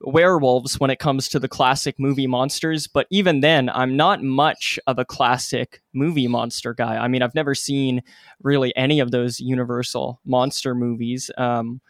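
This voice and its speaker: Male co-host, smooth resonant voice, dry close mic, hesitant self-correcting chat. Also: medium pitch, fairly even intonation, normal speed, no room sound. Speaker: podcast co-host. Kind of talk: casual podcast chat.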